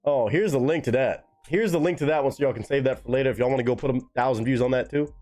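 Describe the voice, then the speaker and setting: A young man hosting a live music reaction stream, talking casually and excitedly to his chat with plenty of swearing. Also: medium pitch, fast talker. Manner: excitable, profane, talks straight to chat.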